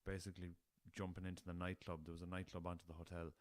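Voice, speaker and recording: A man's voice: sits low, monotone, very fast, no room sound. An Irish man hosting a casual solo podcast, rambling through a story and swearing freely, recorded on a laptop. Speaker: podcast host.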